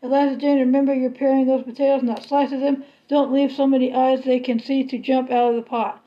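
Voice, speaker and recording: A bustling farm mother, fussy and commanding, put on by a woman reading aloud. Her high voice rattles off scolding orders in a hurry. The recording sounds slightly dull and lo-fi. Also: little pitch movement, brisk, natural voice. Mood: fussing.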